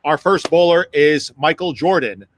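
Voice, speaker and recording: A man's voice: fairly high pitch, normal speed, no echo. A man doing improv as a brash sportscaster. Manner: brash announcer. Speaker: sportscaster in a sketch. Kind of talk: improv comedy.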